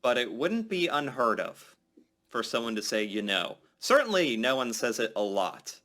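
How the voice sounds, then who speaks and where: American man, bright, easygoing reactions. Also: medium pitch, sing-song, moderate pace. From United States. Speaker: guest reacting. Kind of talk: casual reaction chat.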